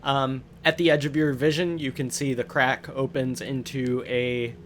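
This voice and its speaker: Male game master, halting filler-laden narration, faint noise floor. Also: medium pitch, flat delivery. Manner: hesitant, filler-heavy narration.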